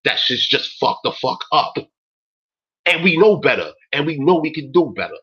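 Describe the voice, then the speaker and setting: On a talk stream, a forties-aged male host goes on an emphatic, profane rant sprinkled with "yo" and "man." His voice is on the high side, animated, pushed and bright with slight roughness, at normal speed; the lo-fi audio is dull.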